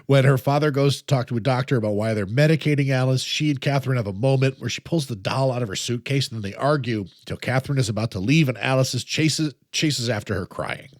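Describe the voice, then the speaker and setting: Male podcast co-host, easygoing, laughs a lot, average pitch, dry close sound. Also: fast, few pauses, no room sound. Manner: laughs often, recaps plot in a relaxed way. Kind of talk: casual chat recapping a film.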